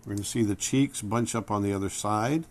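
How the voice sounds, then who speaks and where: Low-voiced man teaching drawing. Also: brisk. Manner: relaxed, thinking aloud while drawing. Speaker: drawing instructor. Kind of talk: drawing tutorial narration.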